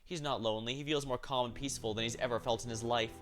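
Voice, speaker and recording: A man's voice: medium pitch, quick pace. Man narrating a game story over music. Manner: steady reading with occasional slips and self-corrections. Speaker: streamer reading a game story.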